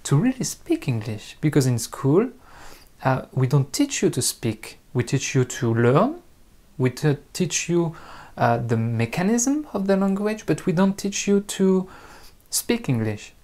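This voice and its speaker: French guy talking english to camera, slow, careful, lots of uhs and restarts, teacher vibe. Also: fairly high pitch, very animated, darkish tone. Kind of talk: casual talk to camera.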